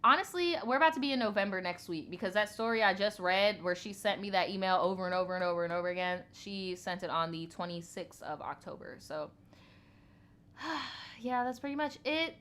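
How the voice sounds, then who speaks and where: Hosting a storytime video, a woman with a mid-range, somewhat bright voice reads viewer stories aloud in a brisk, animated way. She chats bluntly with her audience and swears plenty.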